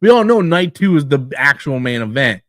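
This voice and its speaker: A man co-hosting a casual wrestling podcast, blunt and profane, who mocks promoters in quick put-on voices. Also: mid-range voice, big pitch swings, fairly bright tone, dry recording. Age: older than co-host, calls himself old school. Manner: blunt, swears freely, mocks in put-on quotes. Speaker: podcast co-host.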